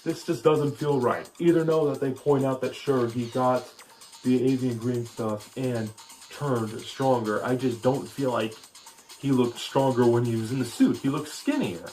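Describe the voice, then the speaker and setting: A man delivers a casual, opinionated video critique at a middle pitch. He rambles and restarts often, and faint music plays under his voice. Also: a little slow, a little mellow. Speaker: video commentator.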